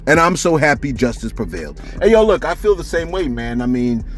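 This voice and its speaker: A man talks casually through celebrity news and reads out viewer shout-outs, his fairly high voice rising and falling a lot. He keeps checking in with his listeners as he goes, with faint music playing behind him. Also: brisk. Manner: animated, rhetorical, keeps saying "you know what I'm saying".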